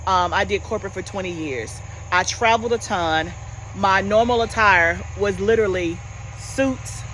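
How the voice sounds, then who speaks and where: A woman in her forties chatting casually with viewers as host of a home gardening channel, animated and talkative. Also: mid-range voice, slight background noise, poor audio. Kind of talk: casual chat.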